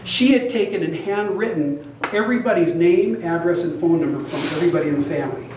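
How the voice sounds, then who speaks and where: A man's voice: on the high side, fast talker, noisy background. An older man giving a talk to an audience, chatty, telling a personal story and laughing along with it. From United States. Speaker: guest speaker. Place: meeting room, recorded from across the room. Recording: very echoey, distant room recording.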